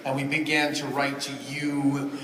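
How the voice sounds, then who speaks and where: Measured man answering on a panel. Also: medium pitch, monotone, fairly bright tone, a little hiss or hum. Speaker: voice actor on a convention panel. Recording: echoey hall from far off.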